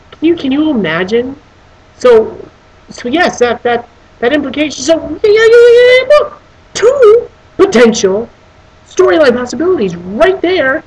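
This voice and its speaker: Husky-voiced reviewer ranting profanely. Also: mid-range voice, rough recording. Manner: animated, profane ranting with many restarts; breaks into voicing characters. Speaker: film reviewer. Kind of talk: casual spoken film review.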